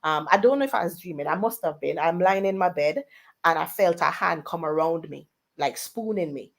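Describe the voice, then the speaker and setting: A woman, a radio guest telling a personal story in a lively way and putting on family members' voices in quotes. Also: on the low side, brisk, vocal fry.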